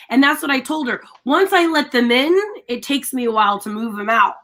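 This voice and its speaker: A woman co-hosting a live talk show, telling animated stories in casual chat and laughing often. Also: sits high, brisk, hardly any pauses. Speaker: radio show co-host.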